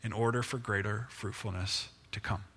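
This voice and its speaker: A male pastor giving a conversational, self-deprecating sermon with lively rises and falls in pitch. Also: moderate pace, breathy edge.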